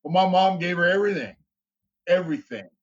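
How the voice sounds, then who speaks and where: A man's voice: high voice, expressive, fairly quick. Male interview guest, casual storyteller, rambling and profane, dull lo-fi sound. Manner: rambling, profane, many fillers.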